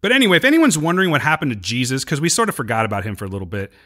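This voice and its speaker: A man co-hosting a podcast in a casual, chatty recap. His voice is mid-pitched, swinging lively up and down as he retells scenes and slips into the characters' lines. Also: rapid-fire. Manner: animated retelling, acts out quotes. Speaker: podcast co-host.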